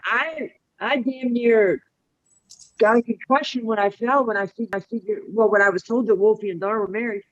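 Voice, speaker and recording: A woman's voice: fairly high pitch, steady tone, moderate pace, dry recording, lo-fi sound. A woman in casual group chat, mostly murmuring agreement and slipping in dry teasing. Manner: short backchannels, dry teasing.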